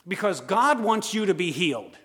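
A man preaching a sermon, swinging from loud urging to hushed asides. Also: high-pitched, sing-song, moderate pace, breathy edge. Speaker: pastor. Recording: long hall reverb.

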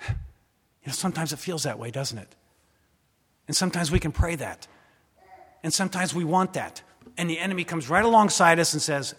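A man preaching a sermon as pastor, dramatic, swinging from loud emphasis to hushed asides. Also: fairly high pitch, a little fast, long pauses, slightly rough. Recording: long hall reverb.

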